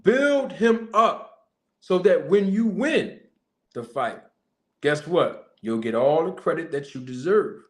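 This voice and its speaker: A man commenting to camera as a boxing manager, giving a young fighter emphatic, repetitive advice and addressing him directly. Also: a little high. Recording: echoey room.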